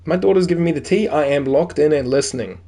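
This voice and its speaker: A man's voice: a little high, fast, mellow. A young man casually reading a dating game aloud, joking and reacting as he plays, with a faint hiss behind him. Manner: jokey, reacts aloud and reads dialogue. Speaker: gameplay commentator.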